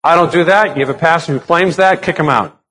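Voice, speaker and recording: A man's voice: a little high, quick pace, a bit bright. A man preaching a sermon as a pastor, explaining a text step by step and asking rhetorical questions. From United States.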